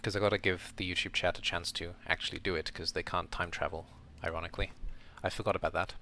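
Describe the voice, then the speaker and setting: Low, gravelly-voiced man rambling through a round-up. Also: little pitch movement, quick pace, bright, forceful tone, a little hiss or hum. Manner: rambling, self-correcting, thinking aloud. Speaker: streamer and league commentator. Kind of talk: casual game round-up commentary.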